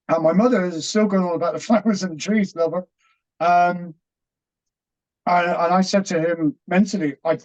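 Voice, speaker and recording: A middle-aged man, earnest and halting, telling a personal story as an interview guest with many restarts. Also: high-pitched. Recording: dull, muffled audio.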